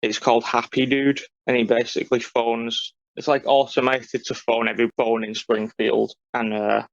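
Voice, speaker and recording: A man's voice: medium pitch, level tone, normal speed, gravelly, dull audio. A man co-hosting a podcast, talking casually in long, detail-minded explanations. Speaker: podcast co-host. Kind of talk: casual chat.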